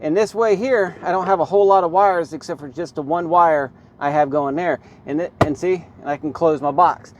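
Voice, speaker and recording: A man's voice: fairly high pitch, normal speed, hardly any pauses, background noise. A man talking casually in a how-to vlog from inside his car, rambling with lots of "um" and "right here" as he points things out. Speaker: car vlogger.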